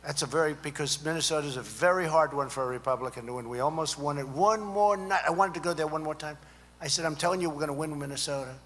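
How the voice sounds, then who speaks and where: Man, high bright voice, rambling speech, echoey hall, faint hum. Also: fast talker. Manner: rambling, repetitive, lots of asides to the crowd. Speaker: speaker at a student conference. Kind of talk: off-the-cuff political speech.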